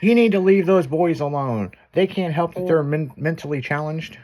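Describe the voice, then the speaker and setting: A man's voice: a little high, normal speed, a little mellow. A man hosting a chat show, telling crude stories and laughing as he goes. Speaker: show host. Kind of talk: casual profane chat show banter.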